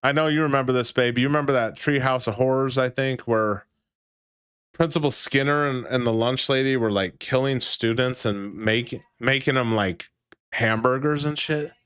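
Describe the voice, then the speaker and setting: A man in his thirties hosting a livestream, talking at a middle pitch in a loose, rambling way and swearing freely. His voice is close and dry, with no room sound around it. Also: moderate pace, fairly bright tone, clear, resonant tone, no echo. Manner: profane, rambling, swears often and laughs. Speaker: livestream host. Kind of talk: casual livestream chat.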